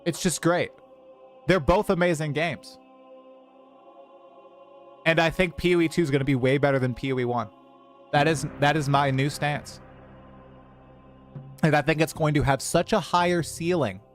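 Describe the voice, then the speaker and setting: A young man chatting casually on a livestream, rambling and animated as he talks to his chat. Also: fairly high pitch, normal speed, pauses often, soft background music. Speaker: streamer.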